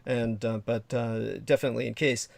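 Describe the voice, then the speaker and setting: A man's voice: mid-range voice, fairly even intonation, normal speed, creaky, a little mellow, no echo. A sleep-deprived man hosting a casual livestream chat, rambling with lots of fillers and restarts. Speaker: livestream host.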